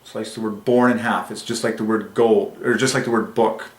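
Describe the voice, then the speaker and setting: Man, low voice, ecstatic religious monologue, rapturous bursts and quiet musing, echoey room. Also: level tone, moderate pace. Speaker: numerology channel host. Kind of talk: excited religious numerology monologue.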